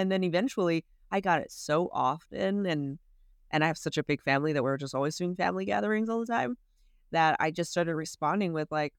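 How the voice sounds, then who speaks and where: A woman's voice: deep voice, brisk, clean tone, no room sound, studio quality. A woman in her thirties, a podcast guest, chatting casually and animatedly, laughing often and acting out her own inner voice. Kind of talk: casual interview chat.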